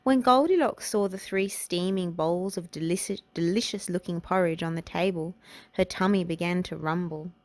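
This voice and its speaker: A woman reading a children's storybook and nursery rhymes aloud, in a gentle, unhurried way. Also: fairly low pitch, dry recording. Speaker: children's book reader.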